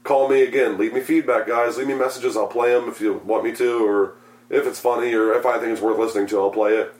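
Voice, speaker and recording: A man hosting a casual podcast, rambling and swearing freely, his voice going hoarse. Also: mid-range voice, steady tone, fast, darkish tone, reverberant. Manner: profane, rambling, self-mocking. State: losing his voice. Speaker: podcast host.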